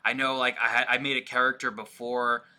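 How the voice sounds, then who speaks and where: A man's voice: medium pitch, little pitch movement, brisk, sharp tone, clean tone. A man hosting a podcast, telling a rambling, self-deprecating story in casual chat.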